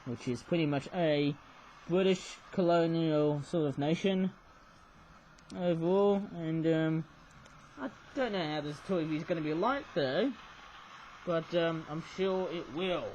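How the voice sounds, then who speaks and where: Man, somewhat raised pitch, rambling toy-review vlogger, chatty asides, faint noisy room. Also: measured pace, darkish tone. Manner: rambling, chatty, frequent "oh my goodness me" and "eh?". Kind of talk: casual toy review vlog.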